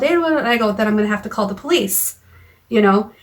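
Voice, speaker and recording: A woman of middling vocal pitch haltingly recounts a frightening argument for her raw personal vlog, looking straight into her phone camera from a car or her home. She keeps restarting and acts out the quoted dialogue from both sides.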